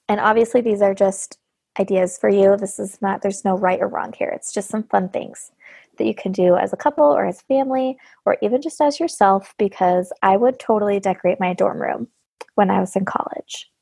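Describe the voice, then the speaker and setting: A woman's voice: mid-range voice, moderate pace, gravelly, a little mellow, breathy edge, dry recording. A woman in her thirties hosting a podcast in casual chat, bubbly and laughing often. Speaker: podcast host.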